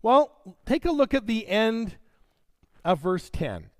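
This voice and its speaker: A man's voice: high-pitched, big pitch swings, takes it slowly, a little mellow, dry recording. A man preaching a sermon, reading scripture dramatically and addressing his congregation directly.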